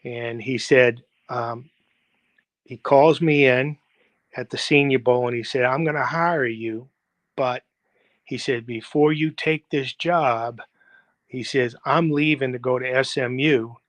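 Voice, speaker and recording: A man's voice: mid-range voice, steady tone, takes it slowly, no echo, poor audio. Older man rambling through old stories. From United States. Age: 70s. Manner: rambling, full of fillers and quoted dialogue. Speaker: guest, football coach. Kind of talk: anecdotal storytelling in an interview. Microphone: video call livestream.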